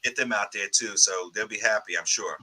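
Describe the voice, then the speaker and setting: Male guest, low pitch, very bright tone, rambling and grateful. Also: fairly quick, rough recording. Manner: rambling, grateful, many ums. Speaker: guest filmmaker. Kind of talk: casual interview plug.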